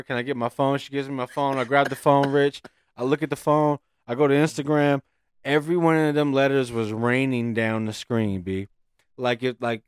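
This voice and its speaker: A man telling a profane, animated story in casual chat on a podcast. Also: mid-range voice, clean tone, dry recording, studio quality.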